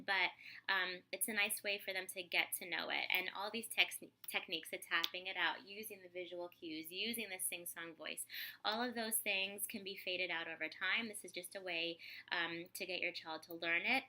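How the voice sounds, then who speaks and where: A woman with a very bright, slightly low voice walks parents through speech therapy techniques. She explains in a relaxed way, full of fillers, and sometimes stretches a word out slowly to tap out its syllables.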